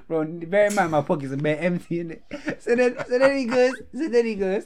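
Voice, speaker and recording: Young man, casual chat, animated storyteller with heavy slang. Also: high voice, fairly quick, hardly any pauses, slight background noise. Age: young adult.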